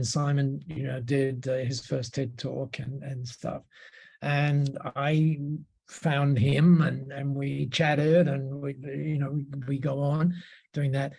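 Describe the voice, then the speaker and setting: A man, a podcast guest, telling long anecdotes in an interview, with many restarts and quick laughs. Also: on the high side, creaky, darkish tone.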